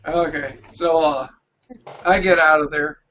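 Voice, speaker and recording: Give me a halting man at a game table, slightly high voice, muffled sound. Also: fairly even intonation, a little hiss or hum. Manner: hesitant, halting. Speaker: player. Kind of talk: casual game talk.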